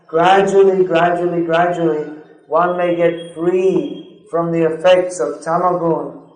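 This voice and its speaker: Spiritual teacher, male, slightly high voice, measured emphatic lecture delivery, roomy hall sound. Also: steady tone, darkish tone. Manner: measured, drawn-out emphasis with Sanskrit recitation. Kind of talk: lecture on scripture. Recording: echoey hall recording.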